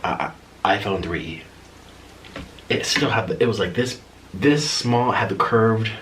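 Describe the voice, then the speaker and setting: A man's voice: fairly low pitch, slow pace, a bit bright, slight background noise, poor audio. A man telling a story in a casual vlog while eating noodles at home at night. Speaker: vlogger.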